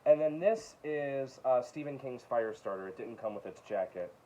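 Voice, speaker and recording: A man casually showing his book collection, reading titles aloud with quick offhand asides. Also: mid-range voice, animated, mellow, a little hiss or hum, rough recording. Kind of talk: casual show-and-tell of books.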